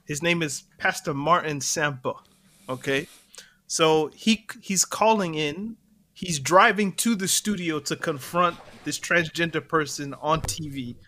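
A man co-hosting a podcast, telling a story in animated casual chat and laughing between points. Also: fairly high pitch, a little slow. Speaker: podcast co-host.

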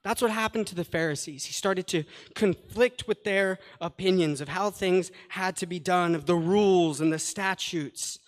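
Speaking at a moderate pace with few pauses, a high-voiced male pastor delivers an earnest, conversational sermon, glossing the scripture in plain words and tossing in asides. The recording has a long hall reverb.

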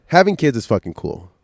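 A man's voice: lowish voice, vocal fry, slightly rough, no room sound, clean studio sound. A man with a stuffy, coughing cold, hosting a casual solo podcast and giving blunt, profane motivational talk. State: sick, coughing, stuffy nose. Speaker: podcast host.

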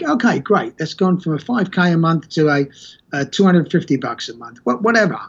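A man's voice: on the high side, animated, brisk, slightly rough, dull audio. A man in casual conversation, rambling and correcting himself as he tells stories and gives advice on running an agency. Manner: rambling, self-correcting storyteller. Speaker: podcast guest.

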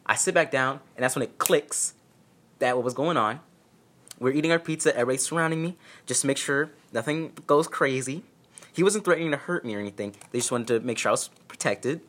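Bright-voiced young man telling a story. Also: medium pitch, fairly quick. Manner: candid, profane, self-mocking humor. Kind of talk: casual storytime.

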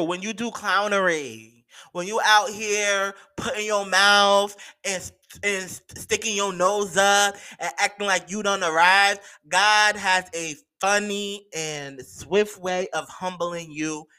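A man's voice: high-pitched, steady tone, takes it slowly, pushed and bright, clean tone. A man hosting his own podcast, chatting casually and gossiping about celebrity news with slangy asides and lots of fillers. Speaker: podcast host. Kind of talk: casual solo podcast chat.

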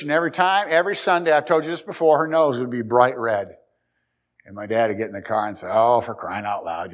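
A middle-aged man preaching a sermon, folksy and storytelling, swinging between loud and quiet. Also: medium pitch. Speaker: pastor.

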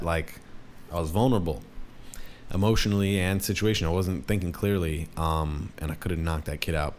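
A young man, a DJ, telling a rambling story in casual talk, swearing often and jumping up in pitch for quoted voices. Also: a little hiss or hum.

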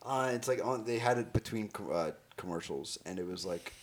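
A man's voice: lowish voice, lively intonation, a little fast. A young man telling a rambling story in crude, casual banter with friends. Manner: rambling, many fillers and restarts.

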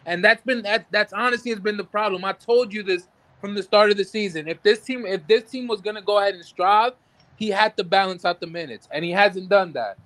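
Worked up guy ranting about his team, high voice, cussing, tripping over words. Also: brisk, a bit bright. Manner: heated, frustrated, swears, stumbles over words. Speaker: podcast co-host. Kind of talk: casual sports rant.

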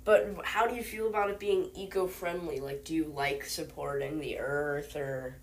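A woman's voice: deep voice, normal speed. A young woman hosting a homemade mock news show, rambling and hesitant, full of fillers. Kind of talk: playful mock newscast.

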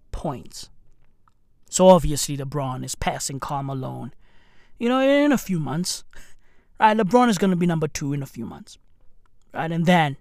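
Animated, slangy woman giving commentary. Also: fairly low pitch, no room sound, studio quality. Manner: animated, slangy, profane, rhetorical. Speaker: commentary host. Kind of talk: casual news commentary.

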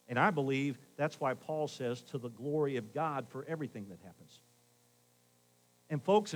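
Middle-aged pastor preaching, slightly high voice. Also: male voice, low-quality recording. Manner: conversational preaching, shifts between loud emphasis and hushed asides. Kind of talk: sermon.

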